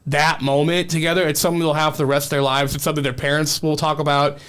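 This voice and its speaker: A man's voice: on the high side, level tone, quick pace, fairly bright tone, clear, resonant tone. A man co-hosting a local sports show, talking enthusiastically in a rambling way, full of fillers and restarts. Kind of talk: casual sports talk.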